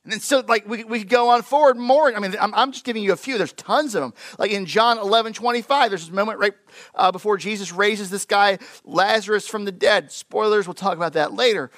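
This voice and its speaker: Male pastor, casual animated sermon delivery, bright forceful voice, dry close sound. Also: high-pitched, a little fast, no room sound. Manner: conversational, animated, lots of fillers.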